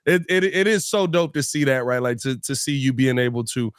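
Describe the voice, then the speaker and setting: A man's voice: medium pitch, brisk, smooth, no echo, clean studio sound. A man hosting a sports podcast, upbeat and slangy, joking with his co-host. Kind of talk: casual sports talk.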